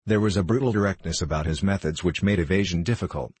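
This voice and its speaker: A man narrating an audiobook in a measured, wry storytelling manner. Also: deep voice, a little mellow, husky, dry recording.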